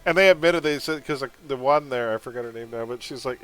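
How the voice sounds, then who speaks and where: A man's voice: mid-range voice, quick pace, few pauses, slight background noise, rough recording. A man streaming a game, chatting casually and laughing as he talks about old movies. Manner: chatty, laughs often, animated movie talk. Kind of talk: casual chat while gaming.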